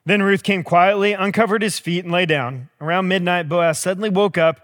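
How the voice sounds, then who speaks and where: Pastor, young adult man, high voice, chatty storytelling sermon, hall echo. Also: fairly quick. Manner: conversational storytelling, animated asides. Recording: long hall reverb.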